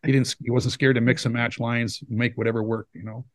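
A middle-aged man, a former hockey player telling stories in a casual interview, rambling and animated with lots of fillers. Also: medium pitch, fairly quick, no room sound, studio quality. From Saskatchewan, Canada. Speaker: former pro hockey player, now scout. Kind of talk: casual storytelling in a podcast interview.

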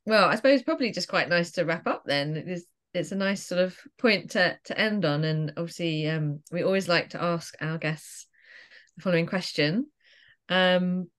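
A woman co-hosting a podcast, talking in an unhurried, reflective casual way. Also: fairly low pitch. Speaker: podcast co-host.

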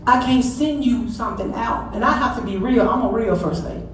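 A pastor's wife in middle age preaches briskly in a fairly high voice, her Mother's Day sermon conversational, emphatic and full of repetition. Recorded from a distance in a large, echoey church sanctuary, the clip carries slight background noise.

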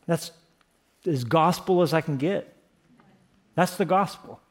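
A man's voice: a little high, slow pace. A man preaching a sermon as pastor, passionate and emphatic, building to fervent peaks. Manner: impassioned, rising to emphatic peaks.

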